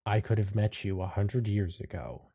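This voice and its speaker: A man's voice: on the low side, normal speed, warm tone, husky. A man narrating as game master of a tabletop game, laughing often and jumping into character voices.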